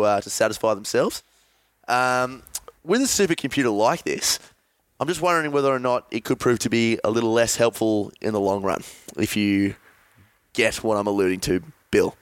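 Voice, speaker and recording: A man's voice: mid-range voice, clean tone, dry recording. A man hosting a podcast, reading out odd news items and joking along in casual banter. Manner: wry, jokey delivery. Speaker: podcast host.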